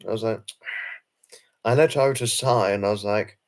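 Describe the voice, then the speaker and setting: A man's voice: on the low side, moderate pace, pauses often. A British man hosting a live stream, chatting in a rambling way full of fillers and self-conscious laughs as he replies to viewers. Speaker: livestream host. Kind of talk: casual live chat reading viewer comments.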